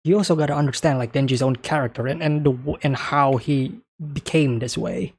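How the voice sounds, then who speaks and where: A man's voice: medium pitch, a little fast, slightly rough. A man hosting an anime reaction, talking casually and thinking aloud as he comments on each scene, often checking in with "right?".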